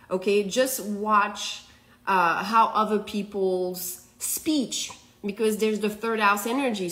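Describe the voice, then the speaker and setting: A woman in the middle of a live tarot and astrology reading, talking at a slow, unhurried pace. She rambles loosely, laughs a lot, and keeps asking her viewers "okay?" Her voice sits at an ordinary middle pitch. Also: a bit bright. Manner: laughs often, checks in with repeated "okay?"; loose, rambling delivery with restarts.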